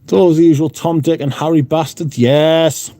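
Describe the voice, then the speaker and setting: A man's voice: fairly high pitch, steady tone, normal speed, warm tone, no room sound. A man hosting a livestream, chatting casually, reading out viewer comments, and swearing bluntly. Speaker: livestream host. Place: room at home.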